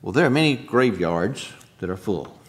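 A man preaching a sermon as pastor, emphatic, dropping soft and then rising loud, with throat-clearing and chuckling asides to the congregation. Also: on the low side, lively intonation, normal speed.

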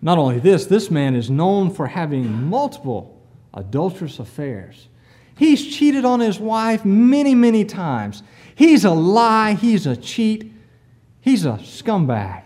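A male preacher telling a story in a sermon, with an animated manner and rhetorical questions. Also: high voice, takes it slowly.

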